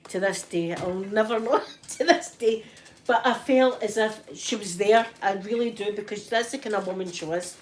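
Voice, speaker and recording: This ASMR streamer is a Scottish woman speaking at a moderate pace with a medium pitch. She spins a casual story for her live chat, animated throughout, imitating what people said and frequently checking in with "right?"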